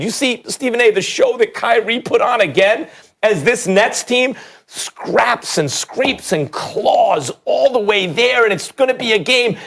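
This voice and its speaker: A man's voice: extremely high pitch, a bit bright. Argumentative man firing rhetorical questions. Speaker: sports debate host. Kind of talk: heated sports debate.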